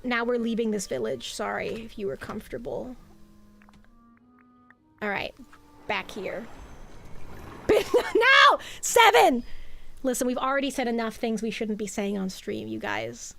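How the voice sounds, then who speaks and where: A woman with a high, bright speaking voice, chatting with her live viewers while she plays. Her talk is playful and rambling, full of asides and jokes. Soft game music sits faintly behind her. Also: vocal fry. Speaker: streamer. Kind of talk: live game-stream chat.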